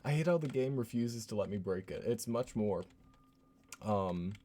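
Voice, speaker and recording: A man's voice: lowish voice, expressive, normal speed, mellow. A man playing a horror game live, joking and laughing as he reads notes aloud in a put-on voice. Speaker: streamer.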